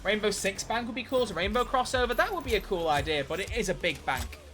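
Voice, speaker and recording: A man's voice: high voice, animated, fast talker, bright, forceful tone, faint music behind. A young man streaming a video game, chatting casually and rambling in a jokey way, swearing freely as he plays. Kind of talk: casual gameplay commentary.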